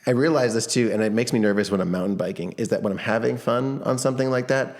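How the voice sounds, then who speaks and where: A man co-hosting a podcast in casual chat, rambling easily and laughing often, his voice a little hoarse from shouting. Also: medium pitch, fast. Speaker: podcast co-host, music teacher.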